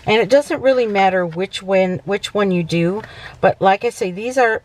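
Her voice medium-pitched and darkish, a woman talks through a casual papercraft demonstration at normal speed. She rambles chattily, fixes her own slips, and frequently says "okay" to check in.

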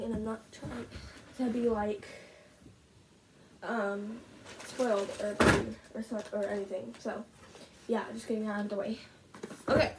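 Filming a casual haul at home, a teenage girl speaks to a camera placed in front of her and raves about each thing she shows, leaning heavily on "like" and "so good" in a bubbly, gushing way. Her pitch is a little high and her voice a touch rough, with a faint hiss in the background.

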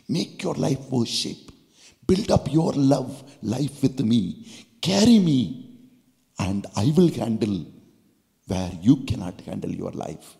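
A man, a priest, preaching a sermon with fervent delivery that swings between loud and soft. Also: medium pitch, big pitch swings, slow pace, creaky. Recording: long hall reverb.

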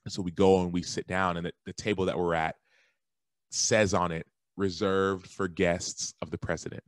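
Animated man telling a story, low voice. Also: moderate pace, no room sound, clean studio sound. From Texas. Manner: animated storyteller, jumps to high excited voices when quoting himself. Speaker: guest, former football linebacker and author. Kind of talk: casual storytelling interview.

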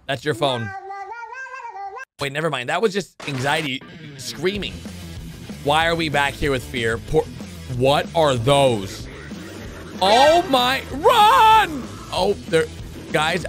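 A man hosting a gaming channel, giving excitable reaction commentary on a video, swinging from low mutters to high yelps. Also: a little slow, pauses often, over music.

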